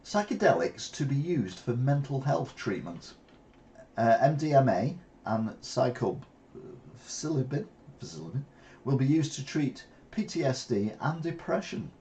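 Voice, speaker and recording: A man's voice: mid-range voice, big pitch swings, a little slow, warm tone. An older man, chatting through news stories in a rambling way with wry asides. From England. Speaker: channel host. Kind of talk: casual news commentary.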